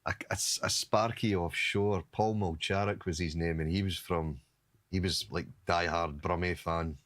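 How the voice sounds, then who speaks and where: A man's voice: low-pitched, fairly even intonation, normal speed, a bit bright, no room sound, clean studio sound. A man chatting casually on a podcast, joking and laughing. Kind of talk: casual chat.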